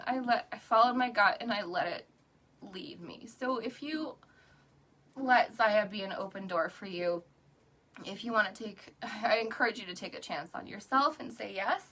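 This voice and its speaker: A tearful woman in her thirties speaks in a bright, forceful voice that sits a touch high for a woman. She sounds earnest and encouraging through her crying, with little laughs. Her voice comes from slightly away from the microphone. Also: recorded from a distance. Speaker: direct sales rep. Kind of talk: emotional live video to a group.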